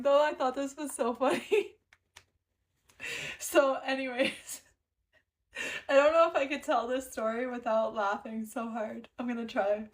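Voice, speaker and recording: Young woman, fairly high voice, casual livestream chat, giggly storyteller, thanks viewers as she goes. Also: steady tone, unhurried, pauses often. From Canada. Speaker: livestream host.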